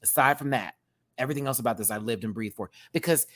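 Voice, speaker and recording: A man in his thirties, a drag queen, giving a sassy, animated casual review and laughing often while answering viewers. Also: medium pitch, fast. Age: 30s. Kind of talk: casual chatty episode review.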